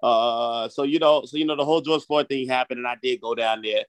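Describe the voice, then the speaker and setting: A man's voice: mid-range voice, steady tone, a little fast, smooth, no echo. A man telling rambling, profane stories as an interview guest, repeating himself as he goes. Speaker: guest, gardening business owner. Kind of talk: comic interview banter.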